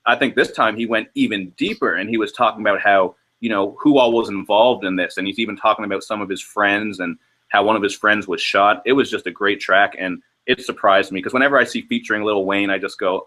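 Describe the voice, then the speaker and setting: A man's voice: on the low side, brisk, pushed and bright. A man with a Canadian accent, a guest in a casual album review discussion, chatty and enthusiastic about artists he likes.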